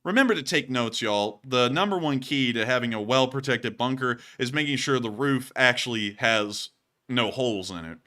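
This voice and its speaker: A man hosting casual commentary on war footage, joking and excitable and quick to laugh. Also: mid-range voice. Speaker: host.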